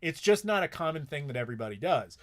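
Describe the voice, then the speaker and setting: Rambling guy, slightly high voice. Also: very animated, fast talker. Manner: rambling, swears freely, many "like" fillers. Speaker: streamer answering chat questions. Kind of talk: casual live Q&A chat.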